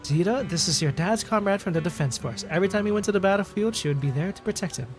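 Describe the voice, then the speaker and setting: A man reading a gentle grieving widow. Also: high voice, quick pace, faint music behind, lightly acted.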